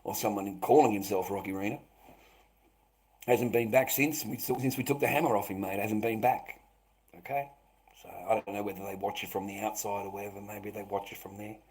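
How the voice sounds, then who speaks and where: A man's voice: on the low side, fairly even intonation, fairly quick, a little mellow, poor audio. A middle-aged man rambling through a livestream monologue, swearing often and restarting his sentences. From Australia. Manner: swearing, repetitive, stammering restarts.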